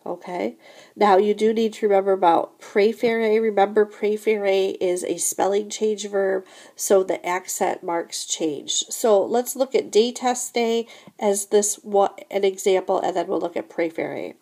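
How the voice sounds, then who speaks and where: Woman teacher going over french verbs real slow, patient, kinda gravelly voice. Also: mid-range voice, mellow. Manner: slow, patient explaining with frequent "so again" and "remember". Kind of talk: recorded classroom lesson.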